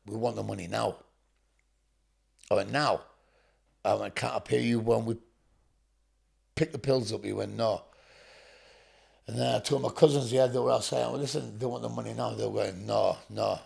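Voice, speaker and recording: Gravelly and warm with a breathy edge, this man's mid-range voice belongs to an English podcast guest. He relates his story in a blunt, sweary way during the interview, voicing the dialogue of the people involved.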